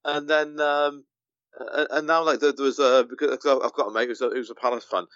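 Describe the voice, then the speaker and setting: A man, a podcast guest, chatting casually about football in a halting, hesitant way. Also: mid-range voice, steady tone, a bit bright, no room sound, dull audio. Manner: hesitant, many fillers and restarts.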